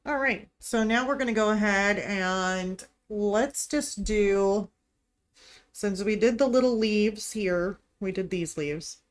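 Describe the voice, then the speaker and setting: Missouri lady walking you through her painting live, chatty, kinda thinks out loud. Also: medium pitch, slow. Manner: chatty, thinking aloud while working. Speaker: art instructor. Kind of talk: live-stream painting tutorial. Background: heater hum.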